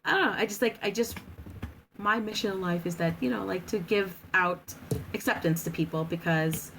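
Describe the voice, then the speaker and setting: A woman's voice: mid-range voice, normal speed, background noise. A woman in her thirties, a podcast guest chatting casually with lots of fillers and frequent laughter.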